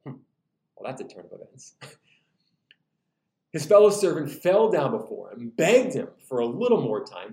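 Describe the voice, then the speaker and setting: A man preaching a sermon in an animated, humorous, conversational way. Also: medium pitch, measured pace, vocal fry, long pauses. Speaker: pastor. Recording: roomy echo.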